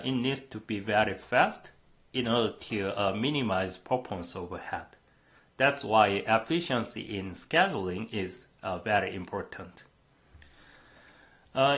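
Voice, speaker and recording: A man's voice: on the low side, a bit bright. A man lecturing a university class on computing, explaining step by step with frequent "uh" fillers.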